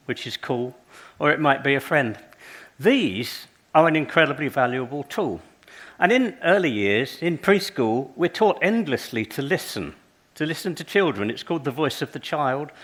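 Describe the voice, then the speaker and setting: Lively older man giving a talk. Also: fairly high pitch. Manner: lively storytelling, acts out dialogues. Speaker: conference speaker. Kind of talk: conference talk.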